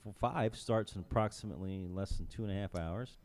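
A man hosting a casual podcast chat with friends, rambling and halting with lots of fillers. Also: lowish voice, darkish tone. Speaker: podcast host.

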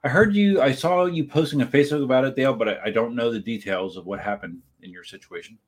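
Husky-voiced man chatting on a livestream. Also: medium pitch, fast talker. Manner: rambling, chatty, reads chat aloud and answers. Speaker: livestream host. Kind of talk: casual livestream chat reading viewer comments. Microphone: desk setup while live streaming.

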